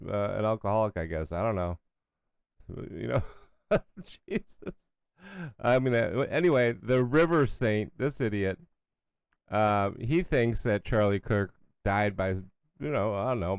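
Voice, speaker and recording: Middle-aged male commentary host, blunt and sarcastic. Smooth, resonant voice, close and dry. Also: mid-range voice, no room sound. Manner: blunt, sarcastic, scornful, with asides and restarts. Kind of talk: opinionated solo commentary.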